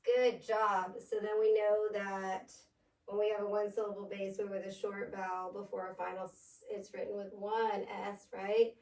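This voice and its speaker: A woman's voice: medium pitch, level tone, moderate pace, darkish tone, distant mic. A woman tutoring a pupil in phonics, patiently spelling words out letter by letter. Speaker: reading tutor. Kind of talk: one-on-one phonics lesson. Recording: echoey room, voice off-mic.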